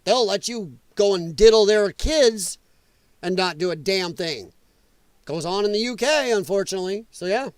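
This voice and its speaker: A man's voice: sits high, animated, moderate pace, no room sound. A man hosting a podcast, ranting about the news in a blunt, angry, profane way. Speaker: podcast host.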